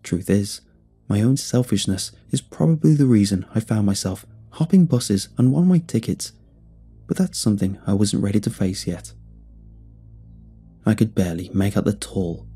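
A man telling a first-person horror story in measured scripted narration. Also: fairly low pitch, warm tone, husky. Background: faint music.

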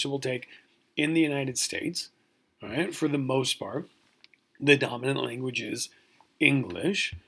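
A man's voice: mid-range voice, gravelly, a bit bright, slightly rough. A man from California with a Californian accent, giving a recorded college lecture in a joking, mock-outraged way and often asking "right?".

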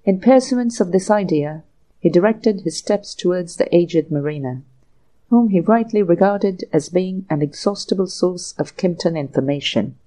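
A woman narrating a classic short story for an audiobook in a measured, even way. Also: fairly low pitch, rough recording. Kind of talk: scripted narration.

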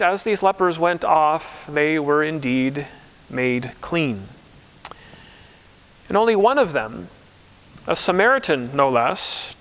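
A man's voice: a little high, a bit bright, clean tone. A man who is a pastor, preaching a conversational, story-driven sermon. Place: church.

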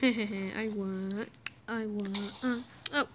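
A woman giving casual gameplay commentary, excitable and playful, humming little tunes as she plays. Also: mid-range voice, takes it slowly, slight background noise. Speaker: gamer.

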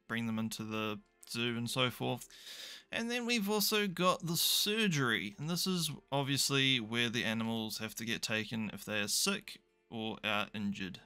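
A man's voice: mid-range voice, lively intonation, a little slow, pushed and bright, smooth, soft background music. A young man commentating a management game, chatty and thinking aloud with dry, self-mocking asides. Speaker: gaming YouTuber. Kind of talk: casual let's play commentary.

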